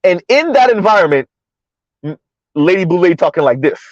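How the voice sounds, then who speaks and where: A man's voice: sits high, big pitch swings, moderate pace, no room sound, muffled recording. A man giving casual commentary to his viewers while driving through floodwater, chatty, repeating himself and laughing often. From South Florida. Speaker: commentary vlogger.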